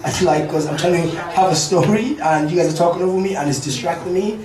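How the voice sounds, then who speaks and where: A man's voice: a little high, quick pace, hardly any pauses, far from the mic. A man performing a stand-up routine in a comedy club, swearing freely and talking straight to the crowd. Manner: profane, addresses the crowd directly. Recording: roomy club recorded from afar with crowd.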